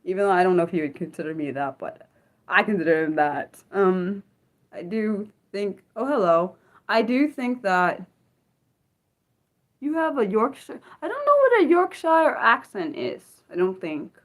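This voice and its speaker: A woman's voice: mid-range voice, very animated, moderate pace. A woman hosting an unscripted livestream, rambling casually with many fillers and restarts as she answers her chat. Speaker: livestream host.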